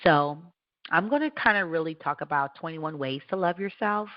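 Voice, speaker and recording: A woman's voice: sits low, moderate pace, dry recording, lo-fi sound. A woman hosting a radio show, giving an earnest, encouraging faith talk in a conversational way, with restarts.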